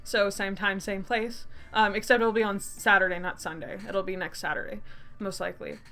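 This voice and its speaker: A woman's voice: mid-range voice, fairly even intonation, moderate pace, a bit bright. A woman streaming a game she helped make, reading the text aloud and chatting casually, laughing often. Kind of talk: casual let's-play narration.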